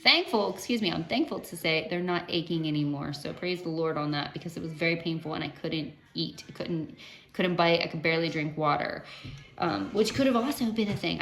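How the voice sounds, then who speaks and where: A woman's voice: fairly low pitch, slight background noise. A woman from West Virginia chatting to her viewers, telling stories with lots of fillers and restarts. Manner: chatty, animated storytelling with many fillers and restarts. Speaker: vlogger sharing cancer treatment updates. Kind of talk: casual chat to camera.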